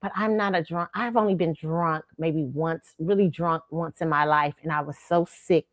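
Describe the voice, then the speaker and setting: Middle-aged female host, lively storyteller, laughs a lot, dry close sound. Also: normal speed, no room sound. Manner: animated, laughing, acts out quotes in a high voice. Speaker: show host. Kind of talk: casual storytelling commentary.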